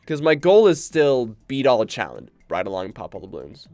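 A man commentating his own gameplay on a live stream, excitable and rambling, easily spooked by the game, with game music behind him. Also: mid-range voice, fairly quick. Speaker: gaming streamer.

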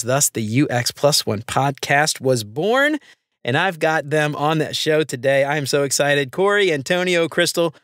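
Excitable man hosting, dry sound. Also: fairly high pitch, no room sound. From Louisiana. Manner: enthusiastic, jokey, says dude and man a lot. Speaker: podcast host. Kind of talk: casual interview chat.

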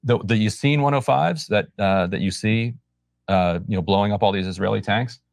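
Gravelly, low-voiced probing host. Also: male voice, moderate pace, no room sound, studio quality. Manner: probing, pointed questions. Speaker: show host. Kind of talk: heated debate.

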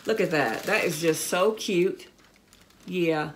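A woman's voice: lowish voice, slow pace, slight background noise. A middle-aged woman chatting casually to her viewers about a shopping haul, enthusiastic and talkative, calling them y'all and guys. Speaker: fashion vlogger. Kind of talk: casual haul video chat.

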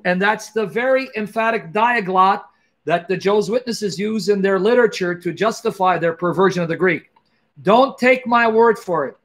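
A man's voice: high voice, fairly bright tone. A man hosting a Christian apologetics stream, commenting emphatically on a played clip, repeating key words and addressing viewers directly. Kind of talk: commenting on a played video, livestream.

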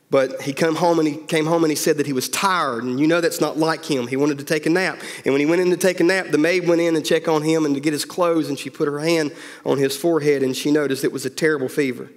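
A man's voice: fairly high pitch, fairly even intonation, a little fast, long reverb tail. A male pastor telling a story as part of a sermon, acting out each character's lines.

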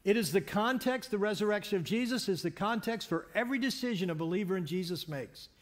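A man's voice: high-pitched, fast talker. A man preaching as a pastor in a church, telling a story conversationally with frequent restarts and repeated words. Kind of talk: sermon.

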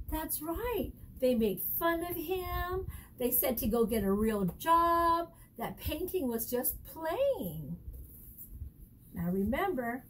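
A woman teacher reading a picture book aloud to young children, stopping often to ask them questions in an animated, coaxing way. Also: sits high, a little hiss or hum, poor audio.

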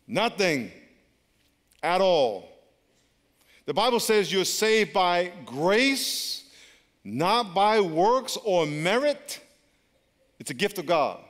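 A man's voice: high voice, very animated, slow pace, long pauses, fairly bright tone. A male pastor preaching an emphatic, repetitive sermon with call-and-response to his congregation. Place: large church auditorium. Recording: long church hall reverb.

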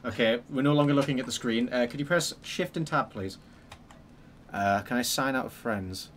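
A man's voice: mid-range voice, moderate pace, fairly bright tone, slight background noise. A man co-hosting a live game stream, joking and self-deprecating, talking on a headset mic. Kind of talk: casual chat while playing. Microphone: gaming headset.

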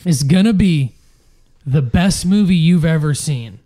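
A man's voice: a little high, animated, measured pace, dark tone. A man co-hosting a podcast in casual chat, blunt and exasperated, swearing often. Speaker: podcast co-host.

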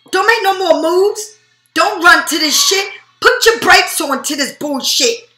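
A woman's voice: high-pitched, pushed and bright, echoey room. A woman reading tarot cards in a blunt, profane, emphatic way. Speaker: tarot reader.

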